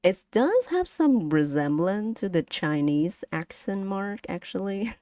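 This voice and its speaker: Woman, casual lesson stream, patient, drawn-out delivery. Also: mid-range voice, expressive, warm tone, no room sound. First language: Vietnamese. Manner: patient, repeats and models tones, giggles often. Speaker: streamer teaching Vietnamese.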